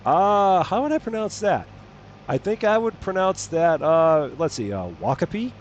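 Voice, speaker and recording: A man's voice: high voice, sing-song, measured pace, lo-fi sound, a little hiss or hum. A man casually chatting while streaming a farming game, playful and given to wondering aloud. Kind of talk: casual live gameplay commentary.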